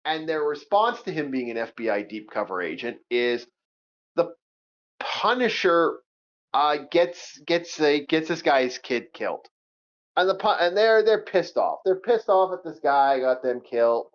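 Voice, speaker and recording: A man co-hosting a casual movie review chat, animated and swearing a lot as he repeats himself. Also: on the high side, measured pace. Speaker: co-host of a movie review show. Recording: dull lo-fi sound.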